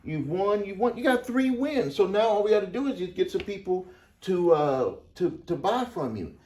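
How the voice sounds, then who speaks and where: Male business coach, slightly high voice, loose storytelling with lots of repetition. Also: sing-song, moderate pace, a little mellow. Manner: repeats phrases for emphasis, restarts often. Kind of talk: casual storytelling to camera.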